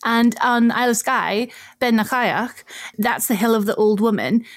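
A woman's voice: on the high side, normal speed, no room sound, studio quality. A woman co-hosting a podcast, explaining archaeology in casual chat and often laughing as she talks.

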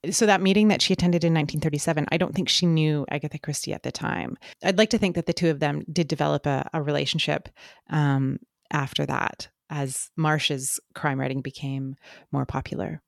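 A woman co-hosting a podcast, speaking thoughtfully and pausing often with fillers. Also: sits low, fairly even intonation, creaky, dry recording, studio quality. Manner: thoughtful, hesitant with many fillers. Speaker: podcast co-host. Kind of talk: casual chat.

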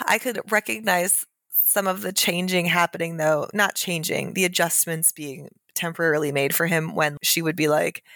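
A woman's voice: on the low side, steady tone, moderate pace, pushed and bright, no echo. A woman co-hosting a romance book podcast, talking casually and frankly as she explains plot points. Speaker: podcast co-host.

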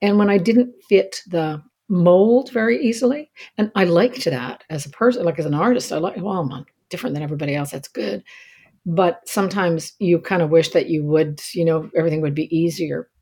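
An older woman from the Canadian prairies, a singer-songwriter guest chatting lively in an interview, with many restarts and asides. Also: lowish voice, normal speed, few pauses, slightly rough. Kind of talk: casual interview chat.

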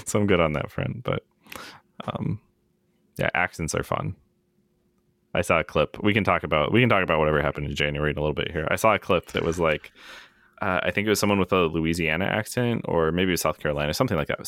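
Low-voiced guy cohosting a podcast, laid back, lots of ums, dry close sound. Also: a little fast, no room sound. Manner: relaxed, self-deprecating, lots of fillers. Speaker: podcast co-host. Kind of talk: casual chat.

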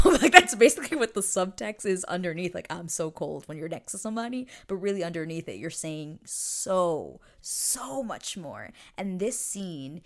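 A woman hosting a casual recap, acting out quoted lines in an animated way with frequent laughs and dips into whispers. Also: fairly low pitch, normal speed. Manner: animated, lots of likes and laughs, slips into whispers. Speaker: podcast host recapping a TV episode.

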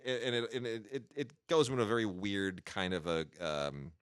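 Deep-voiced man, smooth and dry. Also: steady tone, moderate pace, no echo. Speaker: podcast co-host, film reviewer. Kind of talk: casual review chat.

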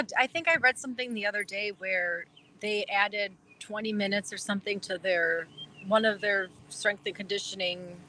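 Woman, Wisconsin accent, eager rambling interview guest, bright timbre. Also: medium pitch, slight background noise, poor audio. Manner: enthusiastic, rambling with many fillers. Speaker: guest fan. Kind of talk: casual interview chat.

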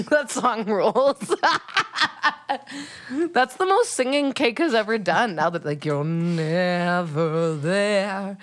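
A woman's voice: fairly high pitch, very animated, takes it slowly, pauses often, soft background music. A woman hosting a comedy podcast, rambling and sarcastic, often breaking into giggles. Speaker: podcast host.

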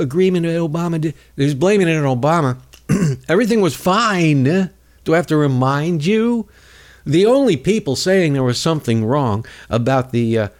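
A man's voice: a little high, a little mellow. A man hosting a political talk show, delivering a rambling, sarcastic monologue and mocking his opponents in put-on voices.

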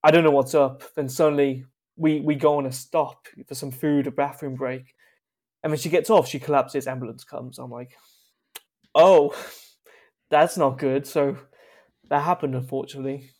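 Give me a young man rambling through casual anecdotes, wry and offhand, at an ordinary pitch. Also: fairly even intonation, normal speed, darkish tone. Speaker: podcast guest.

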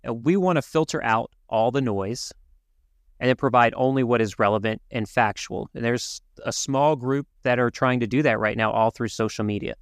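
A man talks through world events with a co-host in an earnest, measured way, pausing and restarting now and then. His voice sits at an ordinary middle pitch. The recording is close and dry. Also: clear, resonant tone, no room sound. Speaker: podcast co-host. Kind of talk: casual podcast chat.

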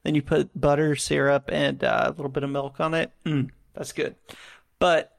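A man's voice: a little high, little pitch movement, normal speed, creaky. A man co-hosting a podcast in casual chat, laughing often and enthusiastic, saying "dude" a lot. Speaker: podcast co-host.

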